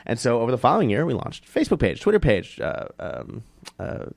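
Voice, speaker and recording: A man being interviewed, telling stories casually and animatedly, jumping up in pitch to act out other people. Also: fast talker, creaky, dry recording. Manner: animated, acts out quoted voices in a higher pitch. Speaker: guest. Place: New York City.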